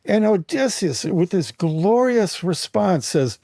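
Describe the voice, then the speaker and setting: A man guesting on a talk show, retelling an ancient myth with lively expression and frequent restarts. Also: high-pitched, takes it slowly, few pauses, dry recording, clean studio sound. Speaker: guest, mythologist and writer. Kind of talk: animated storytelling in conversation.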